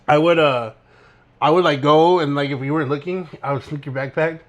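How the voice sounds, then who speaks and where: A man's voice: fairly high pitch, fairly even intonation, brisk. A young man co-hosting a podcast, telling rambling, laid-back stories and laughing as he goes. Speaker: podcast co-host. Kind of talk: casual storytelling chat.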